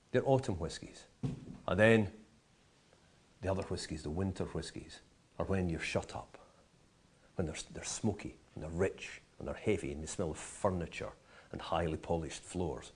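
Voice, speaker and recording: A man's voice: low voice, expressive, moderate pace, a little mellow, husky. A man teaching how to taste, enthusiastic and full of vivid comparisons and playful asides. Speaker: whisky educator. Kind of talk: explanatory tasting talk.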